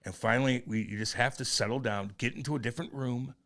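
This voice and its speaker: A man in his forties co-hosting a podcast, telling a personal story in a rambling, profane way that turns loud and heated. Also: mid-range voice, fast talker. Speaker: podcast co-host. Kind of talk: candid casual chat.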